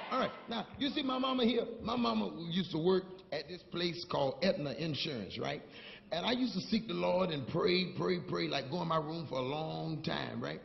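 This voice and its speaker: A man preaching a sermon, telling stories and building to shouted call-and-response with the congregation. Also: high voice, a little fast, vocal fry. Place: church sanctuary. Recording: dull, long-reverb church hall recording.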